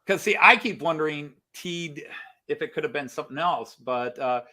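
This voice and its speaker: A man's voice: on the high side, animated, moderate pace, pushed and bright. A man co-hosting a casual live stream, explaining and thinking aloud with many fillers. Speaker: co-host of a model railroad live stream.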